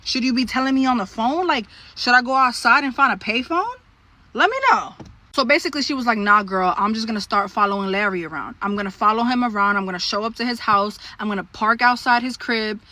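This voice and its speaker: A woman telling a story to camera in a blunt, profane, animated way. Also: on the high side, fast, hardly any pauses.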